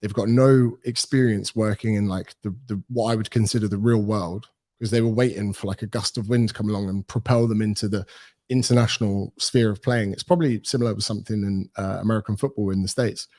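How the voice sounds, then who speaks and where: Fairly quick and fairly low in pitch, this voice belongs to a British personal trainer in his thirties. As a podcast guest in a relaxed interview, he spins stories energetically and performs the quoted lines himself.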